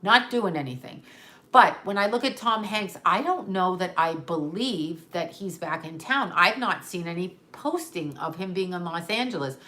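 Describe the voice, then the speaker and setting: Chatty lady rambling on her webcam livestream, mid-pitched. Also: pushed and bright. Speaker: livestream host. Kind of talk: casual livestream chat.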